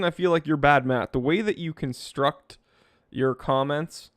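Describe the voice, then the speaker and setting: A man hosting a casual live stream, reading viewer comments aloud and joking about himself in a lively, self-deprecating way. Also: medium pitch, no echo, studio quality. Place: home studio in California. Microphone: wearing headphones, close mic.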